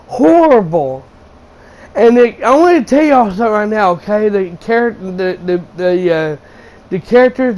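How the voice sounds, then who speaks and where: High-voiced man ranting a blunt review. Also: darkish tone, rough recording. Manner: exasperated, blunt and profane. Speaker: video game channel host reviewing a movie.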